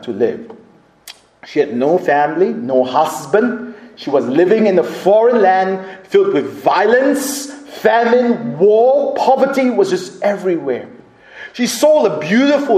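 Animated preacher man in an echoey room. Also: sits high. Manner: dramatic, emphatic storytelling. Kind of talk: storytelling sermon.

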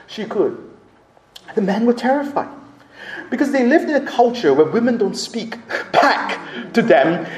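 Male preacher, high animated voice, dramatic storytelling sermon, roomy echo. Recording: echoey room.

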